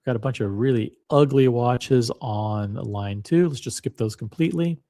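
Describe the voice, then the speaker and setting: At a moderate pace and in a warm, mid-range voice, a man reads out listings while browsing on screen. He's a watch channel host offering casual screen-share commentary with a wry, musing touch.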